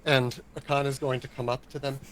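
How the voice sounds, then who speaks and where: A man's voice: mid-range voice, rough recording. A man playing a tabletop game, casually describing what his character does. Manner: casual, describing actions with fillers. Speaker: player.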